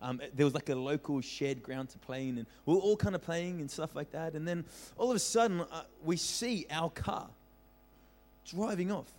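A young man preaching as a pastor, telling a childhood story with lively acted-out voices and frequent laughter. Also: fairly high pitch, normal speed. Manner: animated storyteller, acts out voices, laughs often. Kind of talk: storytelling sermon. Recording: reverberant hall.

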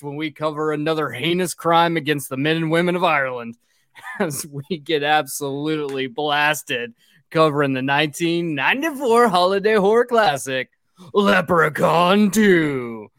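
A man's voice: fairly high pitch, normal speed, fairly bright tone, no echo, clean studio sound. A man hosting a casual podcast, swearing freely and getting drunk as he talks. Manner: profane, rowdy and joking. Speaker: podcast host.

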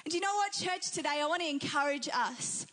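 High-voiced Australian woman preaching. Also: animated, a little fast, a bit bright. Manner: emphatic preaching, repeating key phrases. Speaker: pastor. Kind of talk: sermon.

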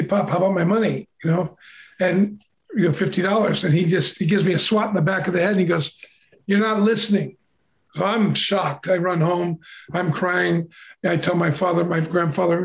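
An older man telling a childhood story in a relaxed, conversational way, acting out the voices of the people he quotes. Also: high-pitched. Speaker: podcast co-host. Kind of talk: casual storytelling.

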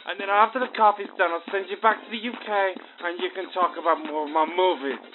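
Comic male impression of an excitable movie star, voicemail, tinny line, high-pitched. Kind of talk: comedy voicemail skit. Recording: tinny phone line with faint music.

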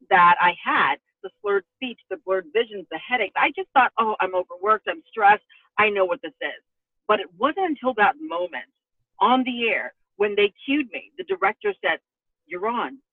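A middle-aged woman, a former news anchor, telling her own story as a guest in an emphatic, expressive way. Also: medium pitch, dry recording. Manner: emphatic and expressive, voice rising with feeling. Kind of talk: personal storytelling in a podcast interview. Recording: tinny phone-line audio.

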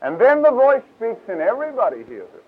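High-voiced preacher on old tape. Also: male voice, fairly quick, husky. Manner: lively, casual, acts out scripture voices. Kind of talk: Bible teaching talk. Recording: tinny, lo-fi 1970s tape.

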